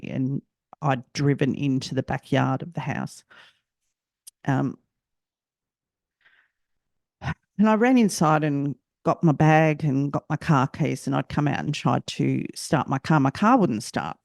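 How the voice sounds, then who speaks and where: An Australian woman hosting a personal storytelling podcast, speaking reflectively and haltingly and often repeating herself. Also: deep voice, vocal fry, a little mellow, dry recording, clean studio sound. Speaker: podcast host.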